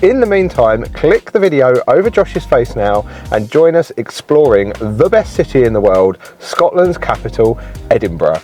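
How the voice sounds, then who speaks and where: A man's voice: mid-range voice, big pitch swings, moderate pace, few pauses, a little mellow, soft background music. A man hosting a travel vlog who narrates outdoors in chatty, upbeat tones. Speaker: travel vlogger host. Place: outdoors in a garden and old town streets, in rain.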